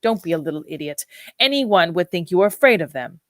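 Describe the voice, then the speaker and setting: A brusque, impatient gentleman snaps out his lines in a clipped, exasperated way, read by a woman. The voice sits on the low side and is recorded close and dry. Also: animated, a little fast, no room sound, lightly acted. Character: brusque upper-class English husband, impatient.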